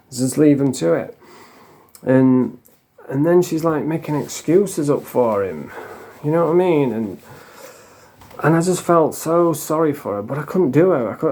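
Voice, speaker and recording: A man's voice: a little high, dark tone. Blunt, swearing man telling stories. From England. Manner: blunt, heavy swearing, rambling with restarts. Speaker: recovering addict sharing stories. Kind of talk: casual storytelling to camera.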